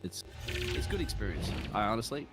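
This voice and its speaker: An Australian man commenting on a sim racing broadcast, joking and laughing often, with excitable jumps in pitch. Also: normal speed, music in the background. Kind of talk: live race commentary banter.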